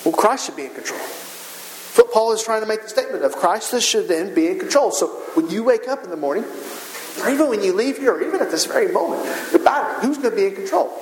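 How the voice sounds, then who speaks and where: A man's voice: sits high, lively intonation, fairly quick, a little hiss or hum. A man preaching a sermon, building fervent, repetitive rhetorical runs of short phrases. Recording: echoey hall.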